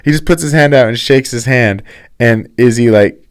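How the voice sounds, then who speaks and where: A man's voice: medium pitch, moderate pace. A man hosting his own show, giving his casual opinion on a fighting event in a rambling way, with many restarts. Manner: rambling, frequent restarts and fillers. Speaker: host.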